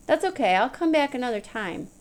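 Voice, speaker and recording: A woman's voice: on the high side, big pitch swings, brisk. A woman voicing a polite, earnest young boy in an audiobook.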